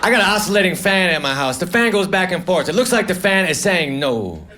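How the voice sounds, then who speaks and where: A man doing a live stand-up routine, delivering short one-liners in a deadpan manner. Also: sits high, a little fast. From United States. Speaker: stand-up comedian. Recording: noisy live recording. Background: audience laughter.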